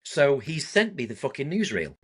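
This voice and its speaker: A man's voice: medium pitch, sing-song, normal speed, fairly bright tone, slightly rough. Man telling a wild story with swearing. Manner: vivid, swearing, self-deprecating. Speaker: guest. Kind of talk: animated storytelling with profanity.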